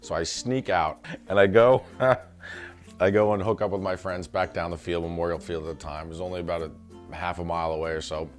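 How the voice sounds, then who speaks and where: A man's voice: deep voice, fairly quick, faint music behind. A middle-aged man telling a casual family anecdote, acting out quotes and laughing as he goes. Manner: animated storyteller who acts out quotes and laughs. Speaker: son telling a family story.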